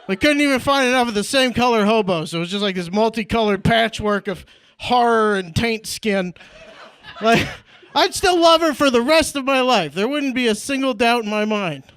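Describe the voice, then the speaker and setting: A young man from Indiana works through a stand-up set on a club stage. His voice sits very high and comes across clean and resonant, picked up dry and close on a handheld mic. He leans on "like" and "right?" and chuckles at his own lines. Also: expressive, moderate pace, a bit bright, clear, resonant tone, no room sound. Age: young adult. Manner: fills with "like" and "right?", laughs at own jokes. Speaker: stand-up comedian.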